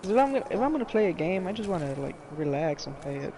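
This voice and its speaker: A woman's voice: on the low side, sing-song, racing, crowd noise. A woman chatting casually and easily during a gaming podcast.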